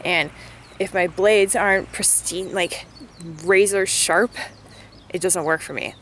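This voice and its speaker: A woman's voice: fairly low pitch, steady tone, slow pace, fairly bright tone, a little hiss or hum. A woman vlogging in a casual chat, talking in a chatty, filler-heavy way and venting her frustration.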